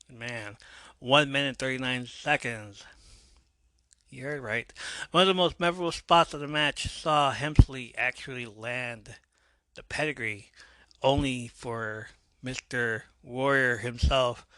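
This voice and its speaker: Excitable podcast host guy. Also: medium pitch, no echo. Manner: excitable, laughs and jokes, swings between reading and riffing. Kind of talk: casual podcast review.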